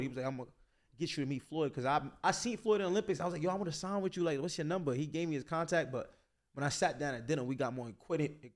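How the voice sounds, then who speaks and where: A young man, a boxer, telling stories in a casual interview, animated and slangy, full of "like" fillers. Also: medium pitch.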